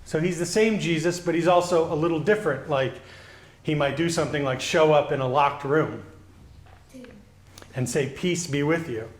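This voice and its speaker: Soft-spoken guy pastor talking to kids, a bit high voice, church echo. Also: normal speed, pauses often. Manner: gentle, asks children questions. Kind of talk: children's sermon. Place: church sanctuary. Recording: echoey church.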